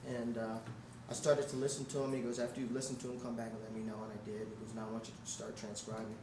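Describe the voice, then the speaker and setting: A man's voice: fairly low pitch, quick pace. A man, a guest musician, telling stories at a live audience Q&A in a music shop, scatting melodies and acting out what people said. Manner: animated storyteller who scats melodies and acts out quotes. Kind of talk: storytelling at a live Q&A. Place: indoor music shop event space. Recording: roomy, distant, noisy live room.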